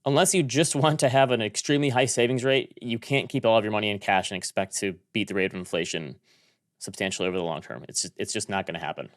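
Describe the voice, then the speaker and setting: A man with a lowish voice co-hosting a finance podcast. He talks fast and explains things briskly in casual chat, often repeating a word as he goes. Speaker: podcast co-host.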